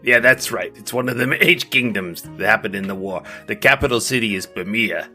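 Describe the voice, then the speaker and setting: A man doing a pompous male mage king, boastful, stammering, very bright voice. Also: on the low side, animated, a little fast, soft background music. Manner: pompous, stammering when flustered. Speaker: game master. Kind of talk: improvised tabletop role-play.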